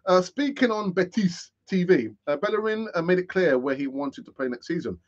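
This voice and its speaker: A man's voice: sits high, lively intonation, a little fast, highs cut off. A tired man hosting a football fan channel, rambling through transfer news in a casual, self-mocking way.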